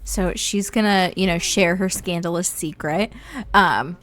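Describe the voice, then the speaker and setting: A woman from Indiana giving bubbly, excitable, casual commentary on a life-sim game as the channel's host. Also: fairly low pitch, measured pace.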